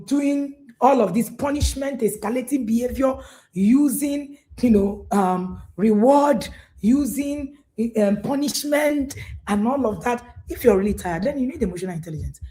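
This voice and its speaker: Woman coach, animated and emphatic live talk, warm mellow tone. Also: fairly high pitch, unhurried. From Nigeria. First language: Igbo. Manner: animated, emphatic, repeats herself. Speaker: parenting coach.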